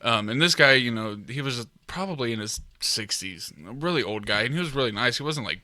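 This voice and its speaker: Very bright, dry-sounding Ohio podcast man. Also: medium pitch, expressive, fairly quick, no echo. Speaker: podcast co-host. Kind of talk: casual chat.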